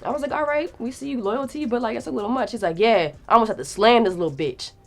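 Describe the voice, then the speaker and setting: A young woman telling a story in a casual, animated way, acting out the quotes and swearing freely. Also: a little high, quick pace, soft background music.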